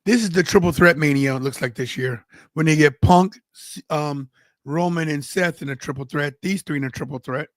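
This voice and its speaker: A man co-hosting a wrestling podcast, chiming in with quick remarks and explaining the rules in casual chat. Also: on the high side, no room sound. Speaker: podcast co-host.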